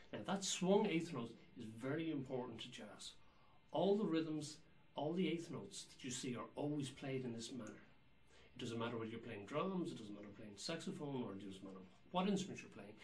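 A man's voice: medium pitch, animated, moderate pace, heavy background noise. Man counting and scatting jazz rhythms. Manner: counts beats and scats rhythms aloud. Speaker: drum teacher. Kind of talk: instructional explanation.

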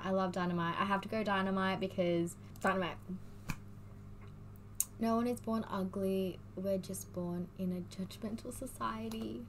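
A young woman chatting through online quizzes, reading each question aloud and gushing over her answers. Her pitch sits in an ordinary middle range. A faint hiss of noise runs under her voice. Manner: excitable, gushing, breaks into bits of song. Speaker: vlogger doing online quizzes. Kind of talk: casual chat while reading quiz questions aloud.

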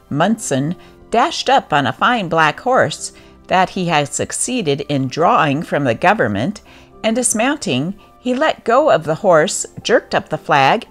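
Woman reading old newspaper story out loud, lowish voice, lots of ups and downs, soft music behind. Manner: steady read-aloud of a first-person war memoir. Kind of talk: scripted narration.

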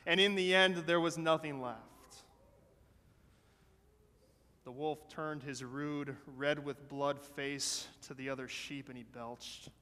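A man pastor telling a story during a sermon in an animated way, voicing the characters as he goes. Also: a little high, slow. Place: church sanctuary. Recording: long church hall reverb.

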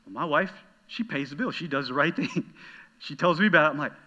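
A man preaching a sermon as pastor, telling a personal story in an animated, conversational way. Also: a little high, a little fast. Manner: animated storytelling, talking straight to the congregation.

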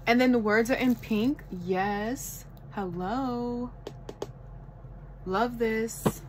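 Gushing, excitable woman vlogger. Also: on the high side, very slow, background noise. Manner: gushing, excitable, repeats "oh my goodness". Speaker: shopping haul vlogger. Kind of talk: casual haul chat to camera. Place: at home.

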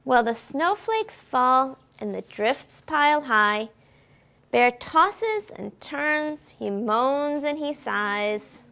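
Reading a picture book aloud to children at the library, this librarian uses an expressive, sing-song delivery and quizzes her young audience. She has a high pitch, draws out her words, and shows vocal fry.

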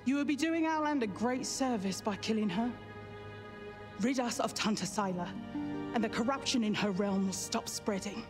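A haughty old woman, played by an actress, speaks slowly with theatrical scorn in a fantasy game. Her voice sits a little high. Clear game music plays behind her. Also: close to an everyday voice. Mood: scornful. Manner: slow, mocking, theatrical.

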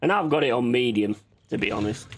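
A man with a mid-range, animated voice plays and chats on his own gaming channel at a slightly fast pace, with a little hiss or hum in the recording. He laughs easily and swears freely.

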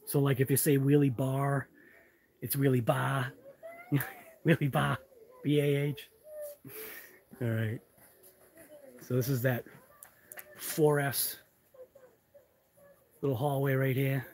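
A man's voice: medium pitch, level tone, slow pace, pauses often, warm tone, a little hiss or hum. Rambling Massachusetts man touring a hobby shop. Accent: Boston-area Massachusetts, non-rhotic. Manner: rambling, chatty, muttered asides, drops his R's. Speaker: channel host. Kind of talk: live walkthrough vlog. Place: indoors in a large hobby shop.

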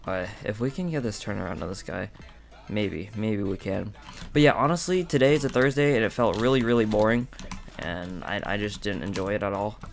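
A man giving casual, excitable gameplay commentary, talking directly to his viewers with frequent outbursts. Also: lowish voice, a little fast, gravelly, faint music behind. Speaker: gaming channel host.

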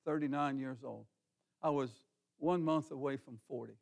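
A man's voice: mid-range voice, moderate pace, creaky. A man pastor preaching a sermon in a church in a folksy, conversational way, asking the congregation questions and calling on members by name. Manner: colloquial, says ain't. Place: church sanctuary.

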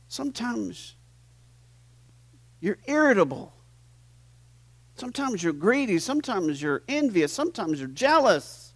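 A man preaching a sermon as pastor in a church, animated and teasing his congregation, swinging from hushed to loud. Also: high voice, no room sound. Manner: playful, teases the audience.

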